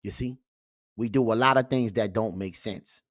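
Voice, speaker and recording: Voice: medium pitch, normal speed, no echo, clean studio sound, lightly acted. A performer playing a preachy male uncle who lectures on red-pill views, a comedic character monologue that keeps repeating "you see" and "baby". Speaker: host.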